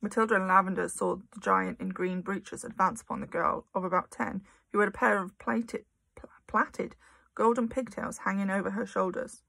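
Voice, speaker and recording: A woman reads a children's story with lively, expressive storytelling. Her voice has a gravelly, husky texture. The sound is dry and close. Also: mid-range voice, moderate pace, dry recording. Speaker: narrator. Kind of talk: audiobook reading of a children's novel.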